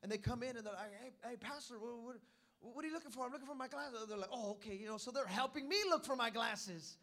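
A young man preaching a sermon in a church as pastor, telling stories and calling for amens, building to loud climaxes. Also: very high-pitched, fast talker.

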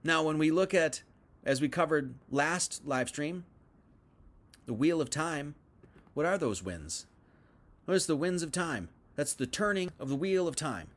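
A man giving an informal livestream sermon, reading scripture aloud and then paraphrasing it in casual everyday speech, swinging between loud emphatic bursts and hushed asides. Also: fairly high pitch, expressive, measured pace, pauses often. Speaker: preacher.

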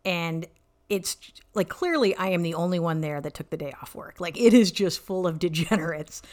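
A woman comedian telling a story in casual chat, animated, acting out the voices of the people in it. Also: lowish voice, normal speed. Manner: animated, acts out quoted voices. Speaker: stand-up comedian guest.

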